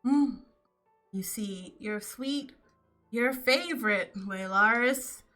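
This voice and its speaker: A woman narrating a tabletop role-playing game as game master, animated and often laughing. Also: a little high, slow pace, faint music behind.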